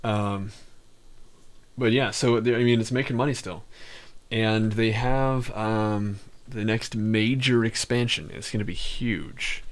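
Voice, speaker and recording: A man streaming live and chatting casually with his viewers, rambling with lots of fillers and trailing pauses. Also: lowish voice, fairly even intonation. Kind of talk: casual chat.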